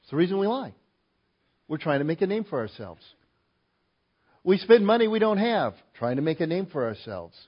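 A male pastor preaching a sermon, emphatic and rising loud on key points. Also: on the high side, sing-song, normal speed, pauses often, breathy edge, highs cut off.

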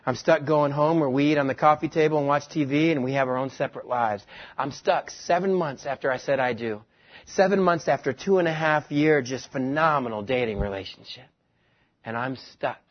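A man's voice: mid-range voice, brisk. A man from West Texas preaching a sermon, telling a story about his own marriage with self-mocking humor. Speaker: pastor. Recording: dull lo-fi recording.

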